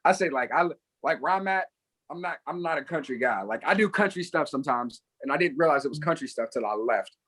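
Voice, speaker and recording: Young male co-host, husky, animated pitch, storyteller who laughs a lot. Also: quick pace. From Huntington, West Virginia. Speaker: podcast co-host. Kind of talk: casual chat.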